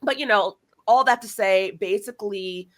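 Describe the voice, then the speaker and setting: A woman's voice: medium pitch, normal speed. A young woman hosting a podcast, telling a personal story in conversation and acting out the dialogue. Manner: animated, acts out quoted dialogue. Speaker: podcast host.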